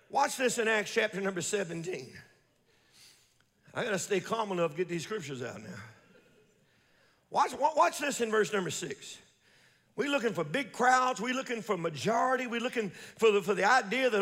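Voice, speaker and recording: Pastor, male, very high-pitched, impassioned church preaching. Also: expressive, normal speed, in a large hall. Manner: fiery preaching, builds to shouting. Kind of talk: sermon. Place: large church.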